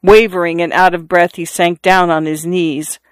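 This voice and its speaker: A narrator reads a literary story aloud at a measured, steady pace. The voice sits in a middle pitch. The recording is dry and close. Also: clean tone, dry recording. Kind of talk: audiobook narration.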